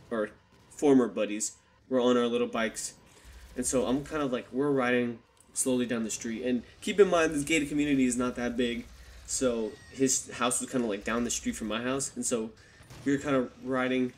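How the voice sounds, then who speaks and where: A slightly mellow, mid-range male voice belongs to a young YouTuber telling a personal childhood story into his desktop USB microphone. It's a casual storytime vlog full of swearing, and he performs the voices of the people in his tale.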